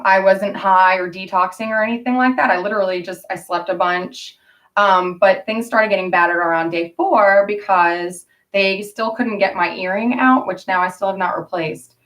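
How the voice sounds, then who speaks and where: A woman's voice: medium pitch, fairly bright tone, distant mic. A woman vlogging in a rambling, indignant and emotional way. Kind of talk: casual rambling vlog monologue.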